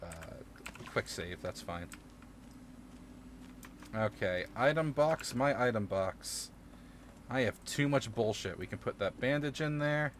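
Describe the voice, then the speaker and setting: A man's voice: medium pitch, animated, takes it slowly, long pauses, slight background noise. A man streaming a game live, commenting casually with swearing and frequent laughter. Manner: casual, profane, laughs often.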